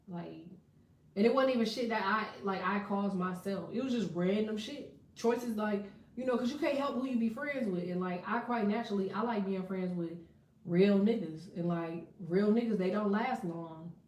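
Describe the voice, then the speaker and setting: A woman talking loosely to her viewers on a livestream, cursing freely as she tells her stories and reacts to comments. Her voice sits at a middling pitch. It comes from a little way off the mic, with the echo of the room around it. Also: a little mellow, distant mic. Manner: profane, candid storytelling with laughter. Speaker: tarot and astrology reader. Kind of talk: casual livestream chat. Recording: echoey room, voice set back from the mic.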